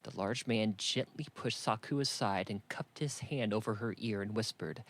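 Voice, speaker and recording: A man narrating an audiobook in an even, matter-of-fact reading. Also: on the low side, normal speed, hardly any pauses. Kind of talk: scripted narration.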